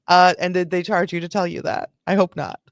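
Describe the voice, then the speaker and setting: A woman's voice: fairly low pitch, no echo, studio quality. A woman hosting a live stream, giving casual, chatty reaction commentary full of swearing and laughing asides. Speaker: livestream host reacting to videos.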